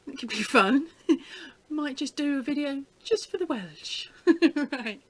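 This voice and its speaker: A woman's voice: sits high, animated, slow, low-quality recording. A middle-aged woman from the UK, chatting casually to camera as a crafting vlogger, telling stories with a giggle.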